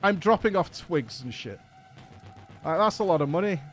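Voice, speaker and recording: A man with a high, bright-toned voice and an English accent tells a rambling story to his viewers. His delivery is exasperated and profane, and he acts out both sides of each conversation. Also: lively intonation, moderate pace, soft background music. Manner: exasperated, profane anecdote with acted-out dialogue. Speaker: streamer host. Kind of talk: casual storytelling.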